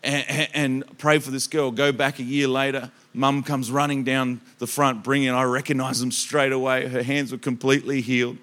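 A man preaching to a church congregation, telling animated stories that he acts out with loud bursts of emphasis. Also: mid-range voice, moderate pace, hardly any pauses. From Australia. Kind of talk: storytelling sermon.

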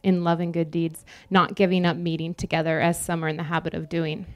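Young woman preacher, smooth clear voice, conversational sermon with light teasing. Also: lowish voice, flat delivery, brisk. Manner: conversational, jokes with the congregation.

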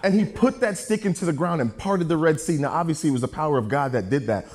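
A man preaching a sermon, telling a story with jokes in an animated, self-mocking way. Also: on the high side, quick pace, a little hiss or hum.

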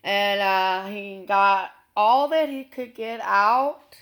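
A woman recounting a personal experience in an interview, earnest and unhurried, with pauses and restarts. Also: medium pitch, fairly bright tone.

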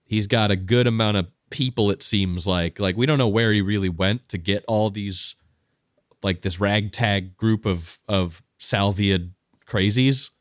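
A man's voice: fairly low pitch, unhurried, no echo, studio quality. Laid-back young man rambling dryly. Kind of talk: deadpan improvised comedy bit.

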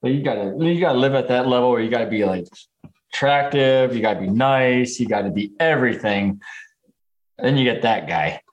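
A man hosting a casual chat, animated and laughing, with quick asides. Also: medium pitch, dull audio. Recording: echoey room.

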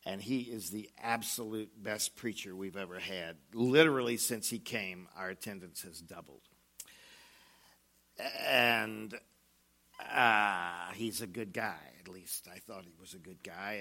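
A middle-aged man telling a first-person story as a mechanic and church elder, halting and hesitant with many pauses. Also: low voice, bright, forceful tone. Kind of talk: first-person dramatic monologue.

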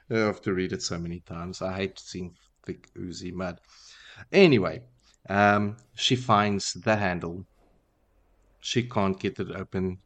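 Slow, deep-voiced man retelling a story. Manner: relaxed storytelling with fillers and wry asides. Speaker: podcast host. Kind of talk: casual retelling of a book chapter.

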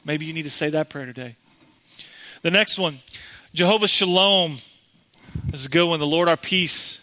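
A man's voice: a little high, moderate pace, long pauses, bright, forceful tone. A man preaching a sermon in a church, speaking earnestly and directly to the congregation. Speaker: pastor.

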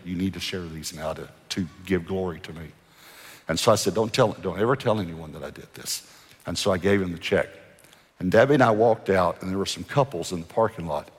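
Man, pastor, animated sermon storytelling, fairly low voice, long church reverb. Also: a little fast, breathy edge. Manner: animated storyteller acting out dialogue.

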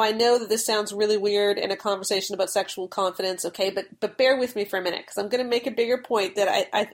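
A middle-aged woman speaking earnestly and conversationally as a Christian podcaster teaching her listeners. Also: fairly high pitch. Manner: earnest, conversational, with occasional laughs. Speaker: Christian marriage blogger and podcaster.

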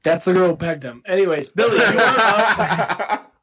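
A man's voice: sits high, unhurried, a crowd in the background. Brief: male podcast co-host, blunt and teasing, casual banter. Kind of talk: casual chat.

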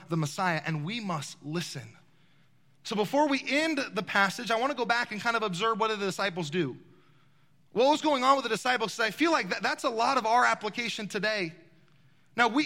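A high, bright male voice preaching, throwing questions out to his congregation. The hall behind him rings with a long reverb. His delivery is animated and direct. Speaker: pastor. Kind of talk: sermon. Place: large church hall.

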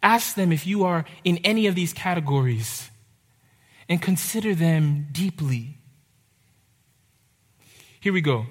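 A young man preaching a sermon, urgent and impassioned, with dramatic pauses. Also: fairly high pitch, expressive. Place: church hall. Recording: reverberant hall.

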